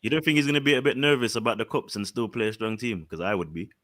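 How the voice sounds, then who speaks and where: A man in casual football banter, slangy, often trailing off quietly at the end of a thought. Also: mid-range voice, quick pace, slight background noise.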